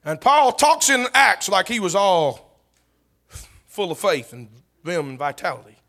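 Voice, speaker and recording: A man preaching a sermon, telling a story with animation, bursts of shouting and laughter. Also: high-pitched, very animated, unhurried, creaky.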